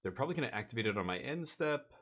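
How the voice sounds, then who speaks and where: A man's voice: medium pitch, animated, racing, a bit bright, husky. A man streaming a card game live, thinking aloud and muttering his plays as he goes.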